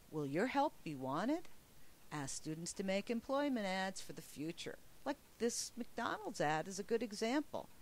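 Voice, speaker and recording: A woman presenting a teacher training webinar, upbeat and emphatic as she walks through slides. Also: mid-range voice. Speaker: professional development trainer.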